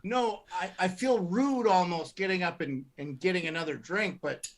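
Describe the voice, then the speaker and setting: A man co-hosting a casual podcast chat over a video call, rambling and halting, with many restarts. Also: high-pitched, a loud crowd. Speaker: podcast co-host.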